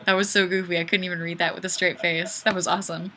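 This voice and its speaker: A woman hosting a casual live webcam show in a playful, animated manner. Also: fairly low pitch, fast. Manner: playful, animated, often laughing.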